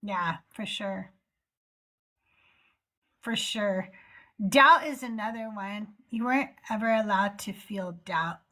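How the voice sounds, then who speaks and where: A woman's voice: medium pitch, takes it slowly, long pauses, pushed and bright. A woman hosting a live call-in show, chatting casually and getting emphatic, swearing when worked up. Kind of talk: casual chat.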